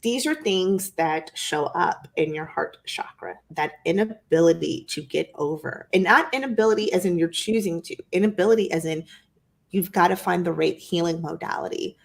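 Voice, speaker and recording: A woman with a low voice talks calmly as a guest healer. She speaks in a measured way and often poses rhetorical questions to the listener. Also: creaky. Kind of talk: wellness chat and reading.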